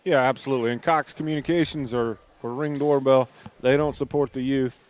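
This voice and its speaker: A man doing play-by-play for a high school basketball game, reading a sponsor spot and rising loud and quick on big plays. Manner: rises loud and excited on plays. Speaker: play-by-play announcer.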